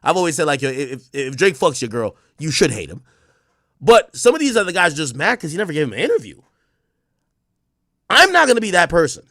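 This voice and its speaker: A man's voice: a little high, huge pitch swings, brisk, long pauses, fairly bright tone, no room sound, clean studio sound. A man from Jamaica with a Jamaican accent, ranting bluntly in a casual livestream and repeating words as he gets going. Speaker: streamer and media personality.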